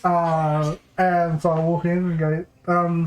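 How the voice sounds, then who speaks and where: A woman's voice: fairly low pitch, flat delivery, slow, darkish tone. A woman playing a tabletop game, hesitant and laughing often. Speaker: player. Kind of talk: casual tabletop game chat.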